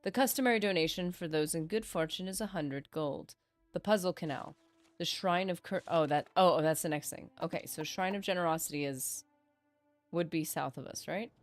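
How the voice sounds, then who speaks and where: In a casual gameplay livestream, a woman with a lowish voice reads in-game quest text aloud and jokes around with her audience in a chatty, mock-grand manner. She speaks at normal speed. The recording is dry, with faint game music in the background.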